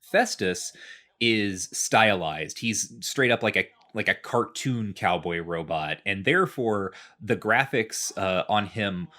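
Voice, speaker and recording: Rambling lower-voiced man recapping a game. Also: expressive, slow, sharp tone. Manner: rambling, many fillers, chatty explaining. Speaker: podcast co-host. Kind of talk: casual chat recapping a video game.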